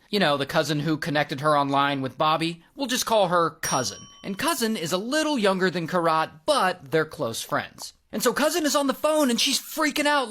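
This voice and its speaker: A woman tells a story in an animated, dramatic way, her fairly low voice swinging up and down as she builds suspense. Her delivery is casual, with sudden lifts for emphasis. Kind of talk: storytime narration.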